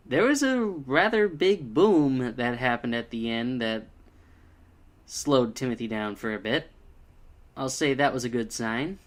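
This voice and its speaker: A man giving a casual spoken review, hesitant, with frequent ums and restarts. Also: mid-range voice. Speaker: video reviewer.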